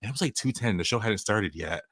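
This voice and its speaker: A male podcast co-host chatting on a video call, warm and quick to laugh. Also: lowish voice, expressive, no echo, clean studio sound. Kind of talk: casual podcast chat.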